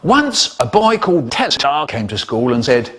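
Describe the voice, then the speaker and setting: A man telling a children's story in a lively, expressive way, with spoken sound effects and stuttering repeats from a chopped-up comedy remix. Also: medium pitch, normal speed, slightly rough.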